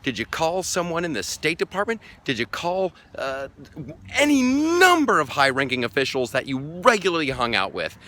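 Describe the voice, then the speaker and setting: A man hosting a comedic vlog, ranting sarcastically and mockingly to camera with excitable outbursts. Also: fairly high pitch, normal speed. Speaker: vlogger host. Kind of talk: comedic political rant to camera.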